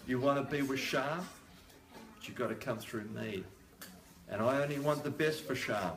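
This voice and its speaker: A man voicing the goddess Radha in a sermon, a gentle, protective figure who fondly scolds eager devotees. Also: mid-range voice, moderate pace, lightly acted. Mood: tender. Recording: echoey room.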